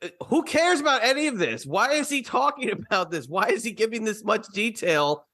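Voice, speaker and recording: A man's voice: high voice, big pitch swings, brisk, pushed and bright. A man co-hosting a comedy podcast, ranting sarcastically and building up jokes. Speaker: podcast co-host. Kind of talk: casual comedic chat.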